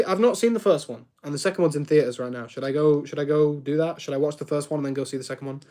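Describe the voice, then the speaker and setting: Young guy streaming and building, kinda high voice, rambly, keeps tripping over words. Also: fast talker, dark tone. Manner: chatty, rambling, reacts to chat and trips over words. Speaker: live streamer. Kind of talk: casual live-stream chat while building.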